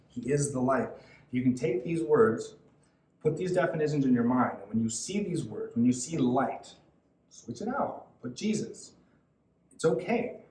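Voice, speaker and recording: A man teaches scripture to young people in a loose, lively way, laughing as he goes. His voice sits at a middle pitch and leaps up whenever he acts out a quote. The sound carries a noticeable room echo. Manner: animated, jumps in pitch for quotes, laughs often. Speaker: youth Bible study teacher. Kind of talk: informal Bible teaching.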